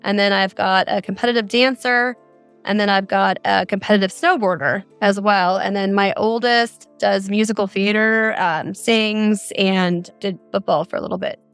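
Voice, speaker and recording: A woman's voice: medium pitch, fairly even intonation, normal speed, fairly bright tone, smooth, dry recording, faint music behind. A woman, a mother of four, recounting a frightening phone call in earnest detail as a podcast guest. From Arizona. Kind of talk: podcast interview, recounting a story.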